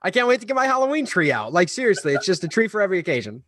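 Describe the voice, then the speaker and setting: A man co-hosting a podcast, trading silly deadpan jokes with the others. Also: sits high, rapid-fire, very noisy. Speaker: podcast co-host. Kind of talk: casual podcast banter.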